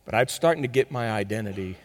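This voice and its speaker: A man preaching a sermon, telling stories with big swings between loud bursts and quiet, close talk. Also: on the low side, expressive, fast talker. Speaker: pastor. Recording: long hall reverb.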